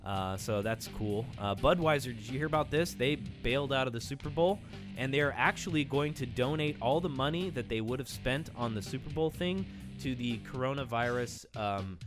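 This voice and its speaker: A man's voice: medium pitch, moderate pace, music in the background. An American man co-hosting a podcast, reading news items aloud in a laid-back, casual way and laughing often. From United States. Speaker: podcast co-host.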